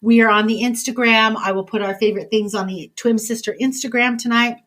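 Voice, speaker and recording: A woman's voice: fairly high pitch, steady tone, a little fast, fairly bright tone. A woman hosting a podcast, chatting casually with a guest and running the sign-off in an upbeat way. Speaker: podcast host. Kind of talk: casual chat. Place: indoor room with a guest and small audience.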